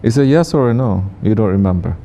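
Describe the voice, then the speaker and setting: A man with a Turkish accent teaches a congregation in a low, gravelly, mellow voice. He keeps asking the listeners questions and teases them. A faint hum sits under the recording. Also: expressive, fast talker. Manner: questions the audience, teasing and repetitive. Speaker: sufi teacher.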